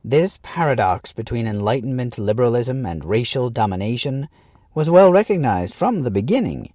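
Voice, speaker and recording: A man's voice: medium pitch, big pitch swings, moderate pace, warm tone, dry recording, studio quality. Earnest man reading an essay aloud. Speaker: narrator. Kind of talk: scripted essay narration.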